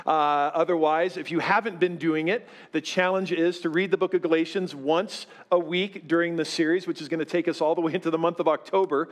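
Fifty-year-old pastor, chatty and relaxed. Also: male voice, on the high side, brisk, hardly any pauses. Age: 50s. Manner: conversational, self-deprecating, many "uh" fillers. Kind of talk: sermon. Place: church sanctuary with live congregation.

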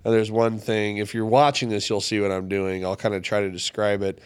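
Man, podcast host, low voice, dry close sound, casual and opinionated. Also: little pitch movement, brisk, smooth, no echo. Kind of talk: casual chat.

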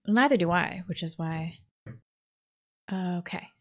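A woman co-hosting a call-in show with a somewhat low voice. She talks in a blunt, animated, casual way. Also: slow. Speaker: co-host. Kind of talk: casual chat.

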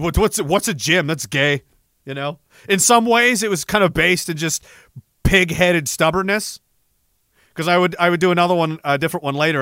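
A young military veteran with a high, bright voice tells a rough story casually, swearing and often laughing at himself. The recording is dry and close, without any room sound.

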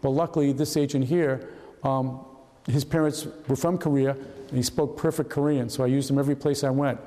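In a hall at a historical society event, a man in his seventies, formerly an FBI agent, gives an anecdotal talk in a mid-range voice and at a fairly quick clip, the big room echoing around him. He acts out the voices of the characters he describes with lively energy.

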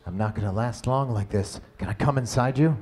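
A man reading the part of a tender, encouraging male lover in an amateur audio story, murmuring softly and reassuringly. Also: brisk, natural voice. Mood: soothing. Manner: low murmuring, soft and reassuring.

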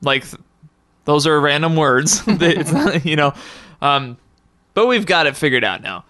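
A man's voice: on the high side, sing-song, a little slow, sharp tone, no echo, clean studio sound. A young man hosting a casual podcast, rambling and laughing often as he tells stories. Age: young adult. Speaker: podcast host.

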